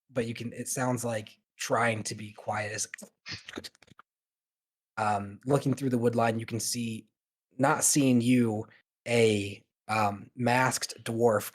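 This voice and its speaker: A man narrating as game master of a tabletop game. He talks in a casual, loose way with plenty of fillers. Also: on the low side.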